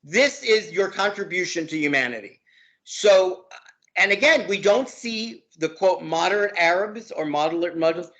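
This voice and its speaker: A man's voice: high voice, expressive, normal speed, fairly bright tone. A man, a law professor as interview guest, talking heatedly and hammering points by repeating words. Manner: emphatic, repeats words for force. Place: lives in Brooklyn.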